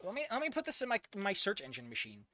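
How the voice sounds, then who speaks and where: Man, bright lively voice, casual profane fan-fiction rant. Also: sits high, fast. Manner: profane, exasperated ranting. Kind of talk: casual commentary reading a story aloud.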